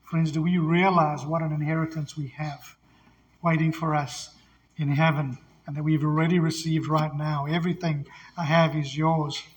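A pastor preaches in a high, ringing voice. He leans hard on key phrases and prompts his congregation to answer back. Long reverb from the church sanctuary hangs behind every line. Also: level tone, normal speed. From South Africa. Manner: call-and-response, emphatic, laughs easily. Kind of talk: sermon.

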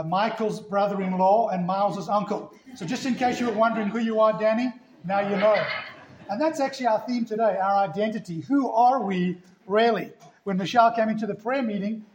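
South African pastor preaching, echoey church. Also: male voice, high-pitched, slight background noise. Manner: storytelling, asks rhetorical questions. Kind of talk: sermon. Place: church sanctuary. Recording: roomy church echo.

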